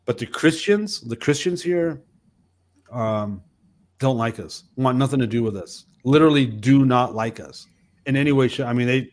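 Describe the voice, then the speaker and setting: A man in his fifties talks in a casual co-hosted chat show. He wanders through his stories with restarts and asides, his voice sitting at an ordinary middle pitch and moving freely as he gets animated. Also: normal speed. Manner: rambling, animated storyteller with many restarts. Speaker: co-host, missionary pastor.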